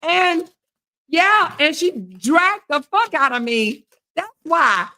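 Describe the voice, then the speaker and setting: A woman's voice: sits high, very animated, bright, forceful tone, pitched above the performer's own voice, full character voice. A woman mimicking a rival woman who whines a self-pitying confession. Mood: mocking. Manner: whiny mock confession, drawn-out words.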